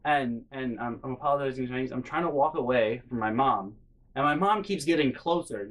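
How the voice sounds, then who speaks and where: A man vlogging a comedic story from his life in a lively, profane, self-mocking way. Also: medium pitch, brisk.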